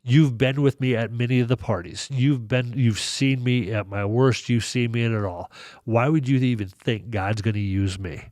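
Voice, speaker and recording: A man's voice: mid-range voice, normal speed, no echo, clean studio sound. A man telling a personal story in casual conversation, acting out what people said to him. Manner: animated storyteller, acts out quoted dialogue. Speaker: podcast guest.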